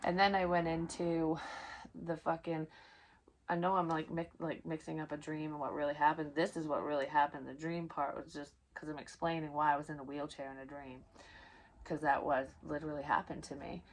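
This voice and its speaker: A woman's voice: low voice, flat delivery, fairly quick, poor audio. A woman telling a personal story in a rambling, emotional and profane way, full of fillers. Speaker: vlogger. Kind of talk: casual storytelling.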